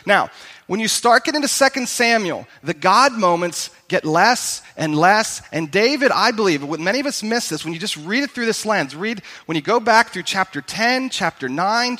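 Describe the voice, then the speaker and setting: Brief: high, bright male pastor, storytelling sermon, long reverb of a church hall. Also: lively intonation, normal speed. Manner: conversational storytelling, calls to the congregation.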